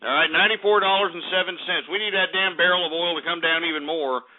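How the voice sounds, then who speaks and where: A man's voice: sits high, steady tone, fast. Male talk-radio host, combative ranting market reporter, lo-fi phone-quality sound. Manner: loud, crude, combative, swears at listeners. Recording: tinny phone-like lo-fi audio.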